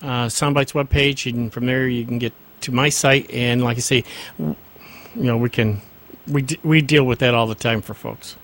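A man's voice: medium pitch, fairly even intonation, moderate pace, a bit bright. A man who runs a computer service, chatting on a radio tech show in an easygoing, enthusiastic way and stumbling over word starts. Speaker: computer service owner and regular guest. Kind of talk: casual radio call-in chat.

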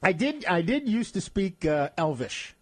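A male radio host with a slightly high voice, chatting loosely on air and poking fun at himself as he goes. He laughs often. He talks into a studio mic, and the sound is close and dry, with no room echo. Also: big pitch swings, measured pace, breathy edge. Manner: rambling, self-mocking storyteller who laughs often. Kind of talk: casual on-air chat.

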